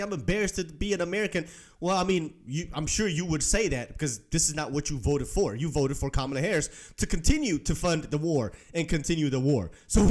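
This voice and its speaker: A man hosting a political commentary channel, reacting to clips in a blunt, emphatic way. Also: a little high.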